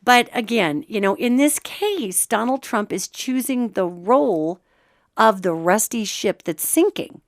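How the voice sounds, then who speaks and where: Speaking a little slowly in a medium-pitched voice, a woman from Montana hosts a podcast recorded at studio quality with no echo. She keeps her spiritual talk casual and animated, interrupting herself to act out what others said.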